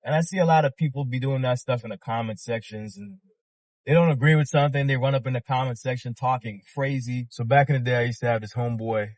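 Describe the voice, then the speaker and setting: A man in his thirties spins a story in a relaxed, slangy way. His voice sits in an ordinary middle register, recorded close and dry with no room sound around it. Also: mid-range voice, fast, dry recording. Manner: laid-back, slangy storytelling. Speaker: vlogger. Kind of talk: casual storytelling monologue.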